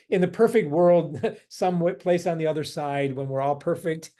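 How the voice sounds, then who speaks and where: A man leading a forgiveness workshop indoors, speaking gently with frequent chuckles and meandering asides, then softening into quiet repeated meditation phrases. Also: fairly high pitch, moderate pace. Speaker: workshop leader. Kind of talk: guided meditation teaching. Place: a room indoors.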